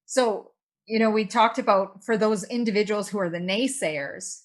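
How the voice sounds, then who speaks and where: A woman hosts a podcast interview, posing thoughtful questions and affirming what her guest says. Her voice sits at a medium pitch and her tone is conversational. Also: moderate pace. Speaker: podcast host.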